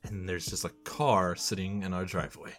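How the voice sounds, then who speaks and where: A man's voice: deep voice, moderate pace, soft background music. Young man telling a story casually. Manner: animated, acts out quotes loudly, swears. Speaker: podcast host.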